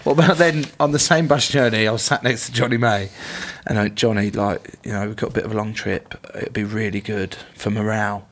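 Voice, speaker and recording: A man's voice: on the low side, fairly even intonation, brisk, few pauses, a bit bright. A man, a guest on a podcast, telling stories in a casual way, swearing freely and acting out the voices of others. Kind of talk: casual storytelling.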